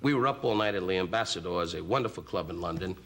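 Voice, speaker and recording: A man on a talk show doing quick insult comedy, full of teasing put-downs, heard on an old broadcast. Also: low-pitched. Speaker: comedian guest. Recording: old broadcast with steady background noise.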